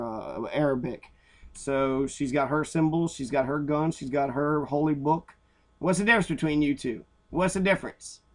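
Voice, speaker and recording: A man giving casual, rambling commentary over a slideshow of family photos, often checking in with "right?" and wandering into opinions. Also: medium pitch. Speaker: family history slideshow narrator.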